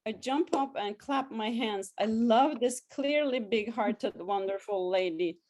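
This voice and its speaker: A woman reading her own first-person memoir story aloud, lively and wry, laughing now and then. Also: fairly high pitch, measured pace. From abroad, newly arrived student in the story.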